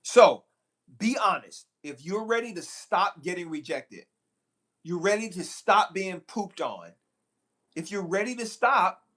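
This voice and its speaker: A man, a recruiter, talking live to viewers in a preachy, animated way, repeating phrases for emphasis. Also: high voice, takes it slowly. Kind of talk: live stream talk to viewers.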